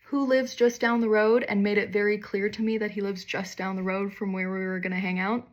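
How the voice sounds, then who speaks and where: A woman's voice: medium pitch, flat delivery, fairly quick, few pauses. A young woman telling a candid, wry personal story in a casual monologue, swearing freely and poking fun at herself.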